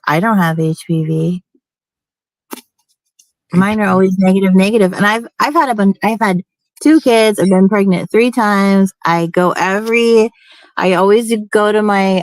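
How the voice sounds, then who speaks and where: A woman's voice: medium pitch, darkish tone, no room sound. A young woman with a feminine, youthful voice, rambling and laughing often in casual chat as a stream host.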